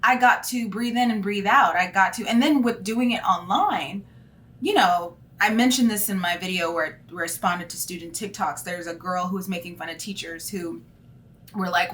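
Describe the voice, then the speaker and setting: A woman's voice: lowish voice, moderate pace. A woman in her thirties, a teacher, talking candidly in a casual vlog with plenty of fillers. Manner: candid and animated, lots of fillers.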